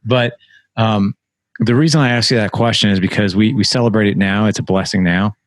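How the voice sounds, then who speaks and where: A man hosting a podcast, speaking in a relaxed, reflective conversational way with frequent fillers. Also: fairly low pitch, brisk, no echo. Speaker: podcast host. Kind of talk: conversational interview.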